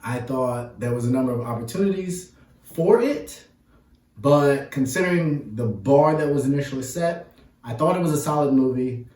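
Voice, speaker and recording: A man co-hosting a casual movie review chat, talking in a playful way with long drawn-out fillers. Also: mid-range voice, a little mellow, recorded from a distance. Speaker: podcast co-host. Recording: roomy, mic set back.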